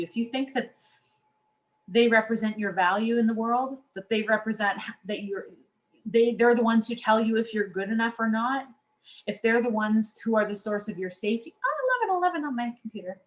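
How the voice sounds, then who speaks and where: Her voice on the high side, a woman coaching her listeners keeps the lesson easygoing, earnest and talky. She keeps starting sentences over and filling gaps with small words as she makes her point.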